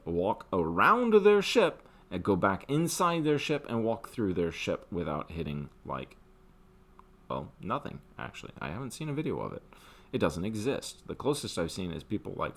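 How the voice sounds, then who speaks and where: An older man giving a casual rant about a video game, swinging between loud outbursts and muttered asides. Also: low-pitched, very animated, moderate pace. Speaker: gaming commentator.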